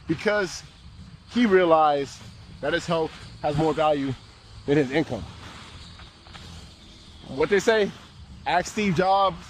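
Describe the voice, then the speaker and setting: A young American man vlogging outdoors, talking in a slangy, laid-back, animated way as he walks city streets. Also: on the high side, slow, pauses often, a little hiss or hum. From United States. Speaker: travel vlogger. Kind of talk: casual walk-and-talk vlog.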